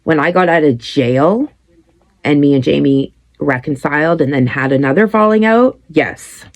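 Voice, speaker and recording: Gravelly blunt-talking woman. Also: sits low, moderate pace, no echo. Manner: blunt, heavy swearing, animated quoting. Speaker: podcast host. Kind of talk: candid personal storytelling.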